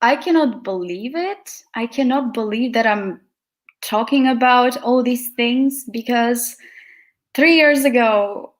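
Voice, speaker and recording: Young woman guest, slightly high, slow-paced, earnest and reflective. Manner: heartfelt, reflective, with laughs and sighs. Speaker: podcast guest. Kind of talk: emotional conversational interview.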